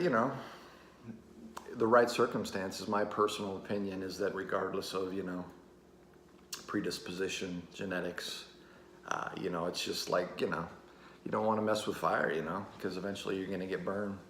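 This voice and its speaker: Channel host, a low-pitched man rambling casually to camera with constant fillers, recorded in a reverberant room. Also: a bit bright, slight background noise. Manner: rambling, halting, fills every pause with "you know" and "uh". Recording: roomy echo.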